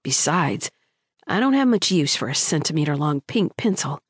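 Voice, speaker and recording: A woman's voice: low-pitched, big pitch swings, moderate pace, husky, dry recording, exaggerated voice. A woman voicing a cocky, teasing schoolboy. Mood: earnest. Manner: teasing and confident, with a dry, blackmailing smirk. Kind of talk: audiobook character voice.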